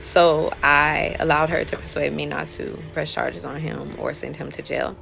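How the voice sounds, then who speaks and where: A woman's voice: deep voice, steady tone, moderate pace, gravelly, fairly bright tone. A woman talking in a casual storytime monologue, loose and conversational, acting out the lines of the people in her story. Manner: conversational, acts out quoted dialogue, many fillers. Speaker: storyteller recounting a personal betrayal.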